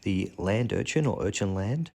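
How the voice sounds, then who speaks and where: A man's voice: on the low side, animated, normal speed, vocal fry, a little mellow, husky. A man casually talking through fantasy monster art, joking and making puns along the way. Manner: jokey, punning, self-deprecating. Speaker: channel host.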